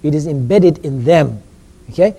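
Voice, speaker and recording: Man, informal lecture, halting delivery, repeats himself, mellow tone. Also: a little high, animated, vocal fry, slightly rough. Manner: halting, repeats words, keeps asking "okay?".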